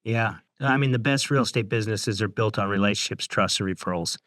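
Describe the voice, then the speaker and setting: A man leading a real estate brokerage's training program, talking reflectively and halting often with fillers. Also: fairly low pitch, a bit bright, dry recording. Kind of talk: casual business discussion.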